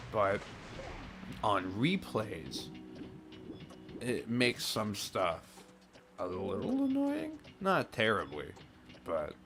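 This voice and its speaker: A man streaming a game, chatting casually and thinking aloud as he plays. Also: lowish voice. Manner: rambling, thinking aloud with fillers. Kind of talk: casual commentary while playing a game. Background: game music.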